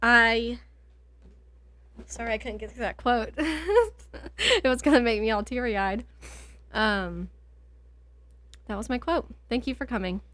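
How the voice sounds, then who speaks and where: Giggly, chatty woman co-host with a higher voice, recorded dry and close at home. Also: expressive, unhurried, long pauses, fairly bright tone, no room sound. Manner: giggly, chatty, easily moved to tears. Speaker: podcast co-host. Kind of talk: casual book chat. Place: home basement.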